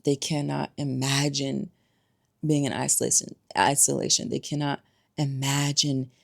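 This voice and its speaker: A woman's voice: very deep voice, little pitch movement, moderate pace, vocal fry. A woman giving emphatic, conversational commentary to camera, full of rhetorical questions. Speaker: spiritual vlogger.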